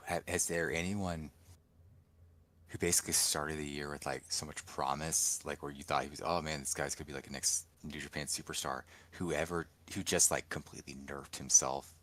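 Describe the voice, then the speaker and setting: A podcast co-host with a rumbling low but slightly bright voice chats casually about wrestling. He rambles, leaning on plenty of fillers and restarts.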